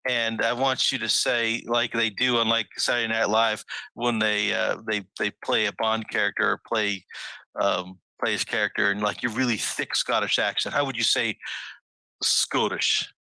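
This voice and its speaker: A man's voice: on the low side, flat delivery, moderate pace, creaky, bright, forceful tone, no echo, low-quality recording. A man giving a casual history lecture on a video call, musing aloud and rising on rhetorical questions. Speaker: presenter of a history talk. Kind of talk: casual lecture over a screen share.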